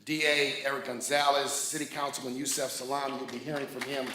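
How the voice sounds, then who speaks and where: A man's voice: medium pitch, flat delivery, fairly quick, sharp tone. A man giving a jovial, rousing speech at a ribbon cutting, thanking and naming dignitaries from a podium. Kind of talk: public speech to a crowd. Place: large room with a crowd. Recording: echoey hall, crowd noise.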